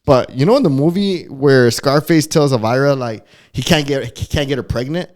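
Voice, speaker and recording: Rambling, animated male podcast co-host. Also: mid-range voice, normal speed. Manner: rambling, animated, swears freely. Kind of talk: casual chat.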